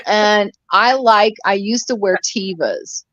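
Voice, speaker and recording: A woman with a medium-pitched, slightly bright voice speaks slowly as a co-host on a live stream, rambling through stories and swearing freely in casual chat. The audio is dry with no echo, a little dull and lo-fi.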